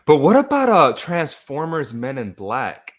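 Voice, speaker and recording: Goofy bantering man, lively pitch. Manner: goofy banter, quick quips. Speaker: livestream co-host. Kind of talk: casual group chat.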